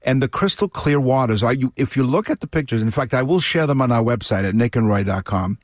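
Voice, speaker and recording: A man from Canada co-hosting a radio talk show, telling a travel story in a chatty, animated way with frequent restarts. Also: mid-range voice, brisk, no echo, clean studio sound.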